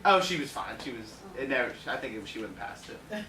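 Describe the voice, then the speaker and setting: A man's voice: mid-range voice, very animated, a little fast, a crowd in the background. A man telling anecdotes in a conference talk, chatty, laughing often and acting out the people he quotes. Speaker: home inspector speaking at a conference. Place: conference room with an audience. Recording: echoey room, mic heard from far, audience noise.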